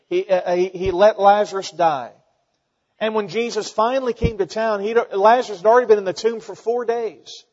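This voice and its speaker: A man preaching a sermon as pastor, earnest and halting, with many fillers and restarts. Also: sits high. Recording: dull sound with long hall reverb.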